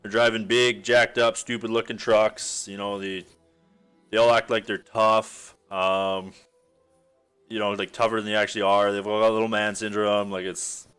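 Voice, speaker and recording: A man with a Western Canadian accent talks loosely to his stream chat, his low voice smooth and resonant. He wanders through thoughts with plenty of "like" and "um" and breaks into little laughs. Faint music plays behind him. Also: level tone, moderate pace, fairly bright tone. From Alberta, Canada. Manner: rambling, filler-heavy, chuckles often. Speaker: streamer chatting with viewers.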